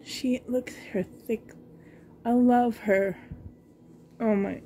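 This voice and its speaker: A woman's voice: mid-range voice, fairly even intonation, warm tone, slight background noise. A woman vlogger gushing over a new doll in a casual unboxing vlog, coughing now and then. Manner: gushing, breathy with delight, slow.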